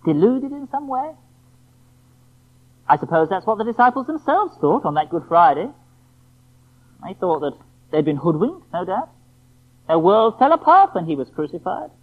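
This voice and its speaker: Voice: mid-range voice, sing-song, normal speed, pauses often. A preacher giving an evening sermon, emphatic and rhetorical, often asking the listeners questions. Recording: tinny phone-like lo-fi sound.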